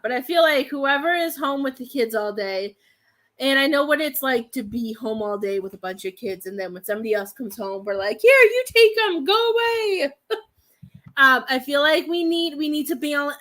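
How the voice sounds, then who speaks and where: A woman's voice: a little high, fairly bright tone. A woman in her thirties giving a rambling, hesitant psychic reading to viewers on a live stream, full of fillers and restarts. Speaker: psychic medium.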